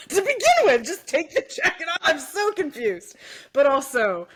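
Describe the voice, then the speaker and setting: Woman, podcast co-host, casual chat, lively swooping pitch, laughs a lot. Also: moderate pace. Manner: laughing, animated, rambling storytelling.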